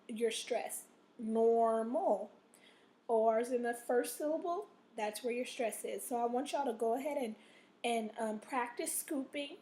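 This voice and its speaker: A woman teacher giving a recorded reading lesson. Her voice is a little rough and she coughs now and then. She checks in with "okay?" after nearly every sentence and drags out the vocabulary words slowly. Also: on the high side. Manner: slow, drawn-out stress on vocabulary words.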